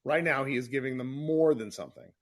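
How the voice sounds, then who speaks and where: A man's voice: mid-range voice, quick pace. A man hosting a live podcast room, talking basketball in a chatty, rambling way with frequent restarts. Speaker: podcast host. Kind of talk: casual live sports chat.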